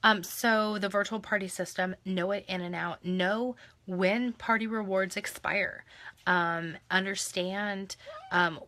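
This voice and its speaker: A young woman talks her team through the basics at home, relaxed and full of filler words. Her voice is bright and forward, sitting at an ordinary pitch. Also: takes it slowly. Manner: casual, instructive, full of ums; hushed soothing of a child. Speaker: direct-sales team leader. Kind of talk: live video training.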